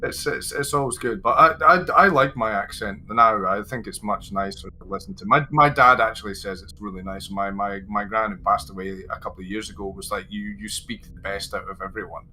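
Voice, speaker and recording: A man with a Scottish accent, a guest on a livestream chat, telling animated stories and acting out the voices of people he quotes. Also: on the low side, fairly quick, hardly any pauses, slight background noise. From Scotland.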